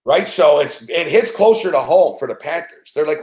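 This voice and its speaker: A man's voice: a little high, sing-song, moderate pace, darkish tone, reverberant. A man hosting a sports betting show, ranting about football with sarcastic, profane remarks and frequent laughs.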